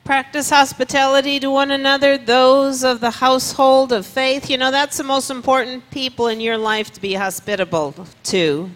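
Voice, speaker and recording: Lady pastor preaching, stresses the verses slow, big church echo. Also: on the high side, a bit bright. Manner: reads scripture aloud slowly with emphasis. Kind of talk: sermon. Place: church sanctuary. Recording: long reverb of a church hall.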